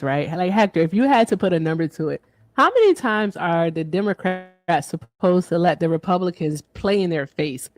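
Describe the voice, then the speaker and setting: A woman's voice: on the low side, no echo. Chatty woman livestream host, dry close sound. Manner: playful, chatty, reads donor shout-outs. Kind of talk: casual livestream chat.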